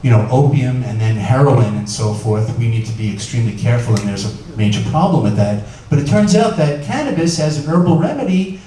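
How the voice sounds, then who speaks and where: A man's voice: medium pitch, expressive, a little fast, warm tone. A man giving an informal lecture as a doctor, talking conversationally with many fillers and putting questions to his audience. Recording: echoey room picked up from a distance.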